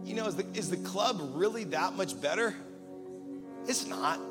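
A young man preaching a sermon in a casual, earnest way, with growing excitement. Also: high voice, normal speed, over loud music.

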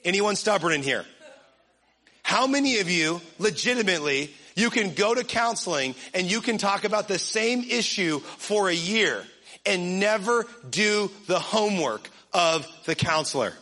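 Bright, high-voiced young pastor preaching. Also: male voice, normal speed. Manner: energetic, joking, acts out little scenes in funny voices. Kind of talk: sermon.

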